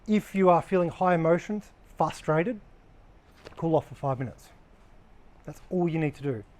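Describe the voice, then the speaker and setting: Blunt, slightly high-voiced male trainer. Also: normal speed, a little mellow. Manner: blunt, casual, swears freely. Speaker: workplace trainer. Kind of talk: training talk to a live group.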